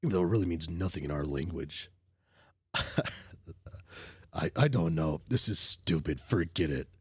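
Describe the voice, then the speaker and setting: Sick man, rambling livestream chat, husky, lively pitch, dry sound. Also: normal speed, no room sound. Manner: rambling, full of restarts and fillers; swears casually. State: sick, coughing. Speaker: streamer reading a webcomic.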